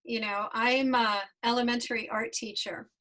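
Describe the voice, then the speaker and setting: Bright, high-pitched New woman host. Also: fairly even intonation, low-quality recording. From New York. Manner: chatty and effusive, quick to laugh. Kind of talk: casual video-call interview. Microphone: video call.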